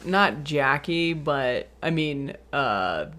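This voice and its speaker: Low, bright-voiced woman co-host. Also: animated, drawn-out words. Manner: wry, jokey, brief quips. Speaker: podcast co-host. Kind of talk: casual chat.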